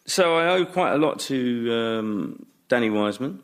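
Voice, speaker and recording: A man's voice: mid-range voice, lively intonation, measured pace, smooth. A middle-aged man chatting as a guest in a radio interview, self-mocking and laughing often. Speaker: guest comedian. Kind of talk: casual radio interview chat.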